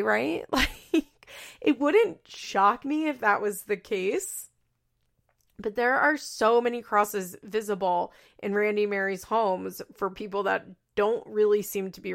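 A woman's voice: mid-range voice, gravelly, a bit bright. A woman hosting a podcast, recapping a reality show in casual chat. She talks in a chatty way, fills her sentences with "like" and laughs often.

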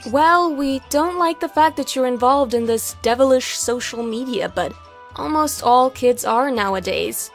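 A woman voicing a strict, religious middle-aged mother in an animated story, firm and scolding. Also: sits high, a little slow, faint music behind. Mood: stern.

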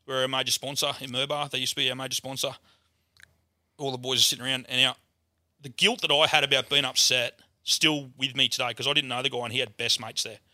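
Australian man, podcast guest, bright edgy tone, loose swear-heavy storyteller. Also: medium pitch, little pitch movement, quick pace, no echo, clean studio sound. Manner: swears freely, rambling yarn-telling. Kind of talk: casual storytelling chat.

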